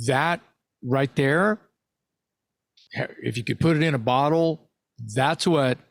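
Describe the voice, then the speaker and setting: A man co-hosting a podcast, chatting excitedly and swearing casually. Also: a little high, takes it slowly, no room sound. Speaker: podcast co-host and singer. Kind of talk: casual chat.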